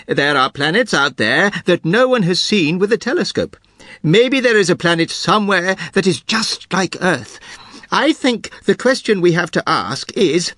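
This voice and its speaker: A man telling a scripted joke with a hugely animated, swooping pitch and playful storytelling voices. He is recorded on a close, dry studio mic. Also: dry recording. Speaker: podcast producer telling jokes.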